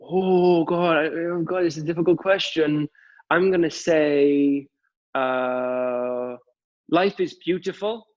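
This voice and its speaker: Chatty Welsh man, fairly high voice. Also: slow, darkish tone, muffled recording. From Wales. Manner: chatty, many fillers and restarts. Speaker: guest TV presenter. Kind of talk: casual chat. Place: at home during lockdown.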